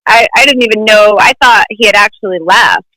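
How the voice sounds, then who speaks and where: A woman's voice: mid-range voice, fairly quick, pushed and bright, no room sound, low-quality recording. A young woman, a guest in an interview, telling a personal story in long runs and acting out the lines people said to her. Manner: talks in long runs, acts out quoted lines, gives short nervous laughs. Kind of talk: emotional personal account in an interview.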